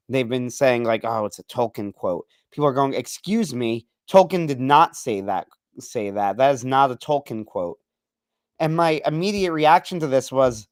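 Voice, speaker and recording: A man's voice: medium pitch, no room sound. Rambling man on a dry mic. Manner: rambling, animated, self-deprecating joker. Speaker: podcast co-host. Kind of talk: casual ranting chat.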